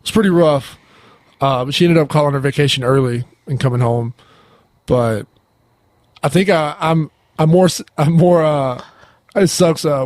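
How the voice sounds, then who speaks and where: A man's voice: medium pitch, darkish tone, dry recording. A young man hosting a podcast, talking casually and laid-back, swearing freely and tossing in "man" and "bro". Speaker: podcast host. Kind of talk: casual conversation.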